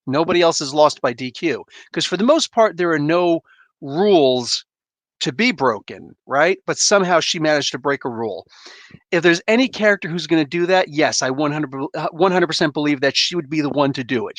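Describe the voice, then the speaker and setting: A man's voice: fairly high pitch, fairly bright tone, no echo. A man casually reviewing comics on a live stream, loose and joking, laughing often and swearing a bit.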